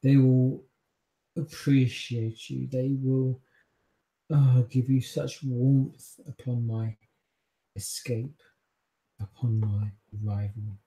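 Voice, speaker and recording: A man's voice: fairly high pitch, takes it slowly, gravelly, pauses often, dark tone, reverberant, poor audio. A man voicing a young male vampire prisoner who pleads, wheedles and stammers for his release. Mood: pleading.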